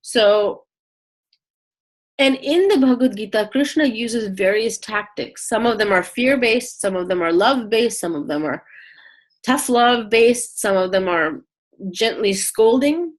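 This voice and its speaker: A woman's voice: on the high side, expressive, unhurried. A woman teaching a casual spiritual lesson, talking conversationally with many fillers and restarts as she retells a story.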